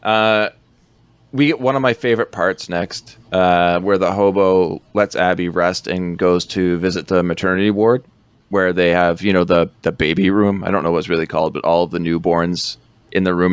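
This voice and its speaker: A man's voice: deep voice, steady tone, normal speed, clean tone, no echo. A man co-hosting a podcast, rambling through a film recap in casual chat, laughing often.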